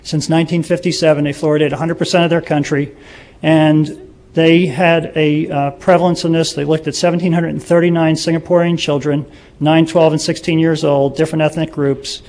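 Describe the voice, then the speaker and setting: Guy at the council podium, kinda high voice, very flat, lots of ums while he reads numbers. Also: a little fast. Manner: earnest, reciting statistics with many ums. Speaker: public commenter. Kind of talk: public comment at a council meeting.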